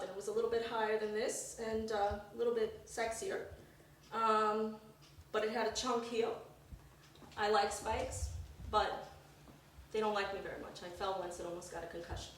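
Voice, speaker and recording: A middle-aged woman performing a personal story live, lively and acting out the voices of the people in it. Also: mid-range voice, moderate pace, slight background noise. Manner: animated, acts out voices. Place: performance room. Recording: echoey room from far off.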